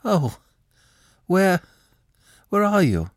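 A male storyteller puts on a jittery young woman in a classic audiobook, her voice lifted high above his natural low register. She pleads in quick, uneasy bursts. The sound is dry, with no room around it. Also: animated, no room sound. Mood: anxious.

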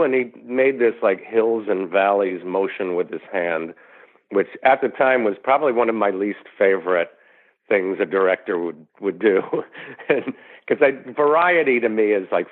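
Over a phone line, a low-voiced actor appearing as a guest tells an anecdote in an interview. He's an animated storyteller who acts out the quoted voices.

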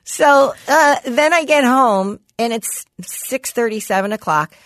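A woman co-hosting a podcast, telling stories in casual chat, animated and laughing often. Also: a little high, measured pace, dry recording. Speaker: podcast co-host.

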